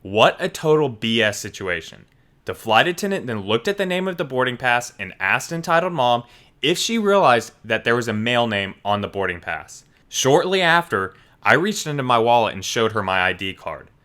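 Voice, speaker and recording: A man hosting a channel and narrating online posts in an animated, expressive storytelling way. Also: mid-range voice, moderate pace. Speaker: channel host reading stories.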